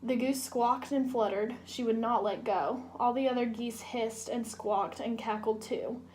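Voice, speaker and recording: Young woman, student reader, children's storybook narration, slightly high voice. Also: steady tone, unhurried, a little mellow, a little hiss or hum. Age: young adult. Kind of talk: read-aloud storybook narration.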